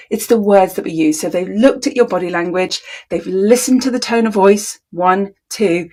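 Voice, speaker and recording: A woman communication coach speaking to camera, deliberate and emphatic, sometimes demonstrating tones of voice aloud. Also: fairly low pitch, a little mellow, slightly rough. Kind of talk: talking-head coaching video.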